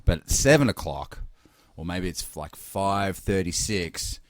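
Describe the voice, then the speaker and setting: A man's voice: low voice, lively intonation, unhurried, no echo, clean studio sound. A man in casual podcast chat, telling rambling travel anecdotes as a co-host.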